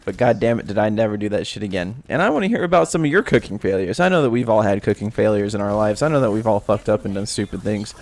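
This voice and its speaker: A young man narrating a personal story in a casual vlog, swearing a lot and breaking into panicked shouts while he acts out the memory. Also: lowish voice, lively intonation, quick pace, few pauses, dry recording. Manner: swearing, screams in acted-out panic. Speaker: storytelling vlogger.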